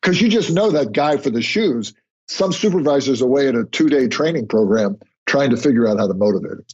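A man, a guest on an interview podcast, telling stories in a conversational way and getting animated when he acts out other people. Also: mid-range voice, a little fast. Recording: husky voice, dull lo-fi audio.

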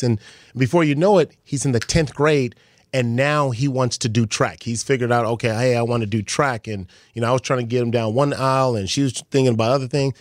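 A man's voice: medium pitch, a little fast, dry recording. Man, 40s, reflective podcast guest, dry close sound. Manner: reflective, rambling with fillers. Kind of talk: casual chat.

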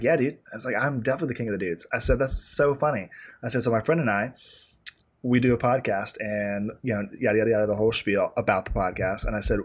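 A man co-hosting a podcast, chatting casually and telling animated, rambling stories full of fillers. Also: mid-range voice. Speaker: podcast co-host. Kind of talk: casual chat.

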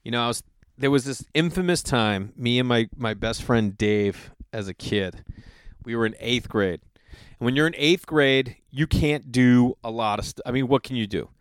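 A man's voice: medium pitch, moderate pace, clean tone, no echo, clean studio sound. A man telling a comic story in a loose monologue, swearing freely and acting out what other people said. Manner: animated, profane, acts out other people's lines.

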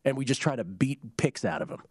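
A man hosting a sports betting radio show in a studio, talking in quick, bantering runs. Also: medium pitch, dry recording. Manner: lively, quick banter with laughs. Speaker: host.

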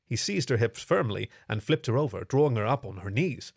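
A man's voice: medium pitch, very animated, a little fast, vocal fry, hardly any pauses, breathy edge, no room sound. Man narrating a story, dry close sound. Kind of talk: scripted audiobook narration.

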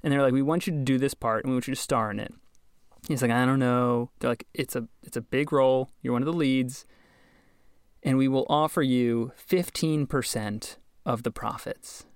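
A man hosting a podcast, telling a story in casual chat, wry and quick to laugh. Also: mid-range voice, clear, resonant tone, no room sound, studio quality. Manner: chatty, wry, laughs often. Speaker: podcast host.

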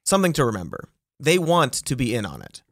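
Man host reading narration, pitch bounces around a lot, dry booth sound. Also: huge pitch swings, fast, fairly bright tone, no echo. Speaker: podcast host. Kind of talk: scripted narration.

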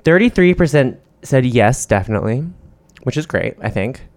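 A campy, chatty man co-hosts a podcast in a casual back-and-forth, swearing freely. His voice is smooth and clear, sitting in a middle range. The sound is dry and close. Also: mid-range voice, expressive, normal speed, a little mellow, no room sound. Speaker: podcast co-host. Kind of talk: casual chat. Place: New York City.

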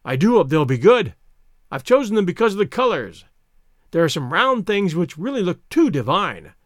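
A man reading a story aloud, voicing an eager, flustered young man who gushes with excitement. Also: sits high, normal speed, no room sound, clean studio sound. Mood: gushing. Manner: gushing, excitable.

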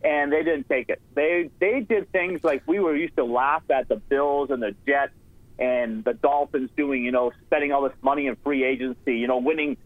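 A man calling in to a sports radio show, talking in a rambling, sarcastic, animated way. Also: medium pitch, moderate pace, no echo. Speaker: caller. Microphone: phone. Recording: tinny phone line.

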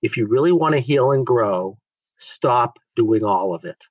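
A man's voice: medium pitch, animated, measured pace, breathy edge, dry recording, muffled recording. A man who teaches the Enneagram in frank, emphatic conversation, swearing now and then.

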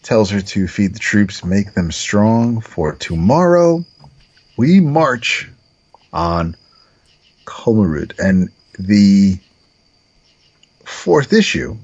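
A man casually recapping a comic book plot, halting with fillers and restarts. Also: lowish voice, sing-song, darkish tone, slightly rough, lo-fi sound. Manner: halting, many fillers and restarts while summarizing. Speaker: podcast co-host recapping a comic.

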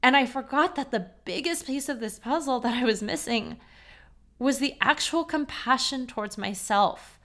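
A woman's voice: high-pitched, a bit bright. A woman in her thirties hosting a podcast, talking off the cuff in a candid, chatty way full of "like". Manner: candid, quick and chatty with many "like"s. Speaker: podcast host. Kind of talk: unscripted solo podcast talk.

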